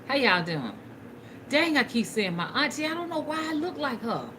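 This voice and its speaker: A woman's voice: high-pitched, sing-song, brisk, noisy background. A woman, rambling and chatting casually to her viewers during a live stream while she works, with some cussing. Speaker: spiritual reader hosting a live stream.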